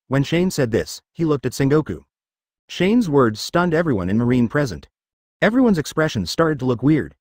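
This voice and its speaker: A man narrates a fan-fiction story in a steady read-aloud manner, his pitch rising and falling in a lively way. The recording is close and dry, with almost no room sound. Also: normal speed, no room sound. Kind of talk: reading a fanfic audiobook.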